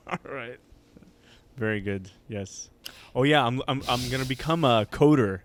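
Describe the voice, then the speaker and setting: A man's voice: mid-range voice, unhurried, a little hiss or hum. A young man co-hosting a comedy podcast, making jokes and laughing often as he tells stories. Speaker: podcast co-host. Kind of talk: casual comedy podcast chat.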